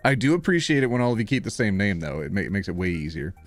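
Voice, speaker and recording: A man hosting a casual live stream from his home office, chatty and excitable, laughing often and squealing with delight. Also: on the low side, rapid-fire, soft background music. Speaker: livestream host.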